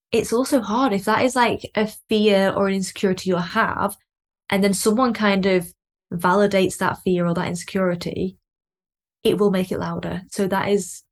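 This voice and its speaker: A woman's voice: mid-range voice, fairly even intonation, normal speed. Chatty woman hosting a podcast. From Lancashire, England. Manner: chatty, lots of "like", laughs easily. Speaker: podcast host. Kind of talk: casual podcast chat.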